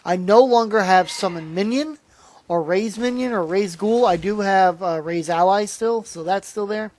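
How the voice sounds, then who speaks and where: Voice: medium pitch, moderate pace, a little mellow, a little hiss or hum. A tired, yawning channel host giving casual gameplay commentary at home, rambling with frequent restarts and trailing asides.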